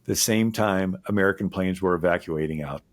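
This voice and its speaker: A historian guest talking in an interview, rambling with many fillers and restarts. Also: male voice, sits low, fairly quick. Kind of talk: conversational interview.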